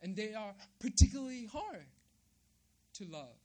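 A man's voice: sits high, big pitch swings, a little slow, warm tone. A man preaching a sermon, emphatic, repeating key phrases and checking in with "right?". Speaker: pastor.

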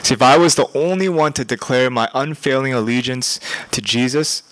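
A young man giving a sermon in a conversational, animated way, with emphatic repetition. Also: mid-range voice, slight background noise, poor audio. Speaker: preacher.

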